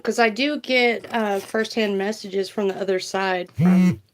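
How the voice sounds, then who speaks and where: A woman's voice: mid-range voice, steady tone, unhurried, background noise. A woman, doing a casual tarot livestream, chatty and laughing as she reads viewer comments aloud.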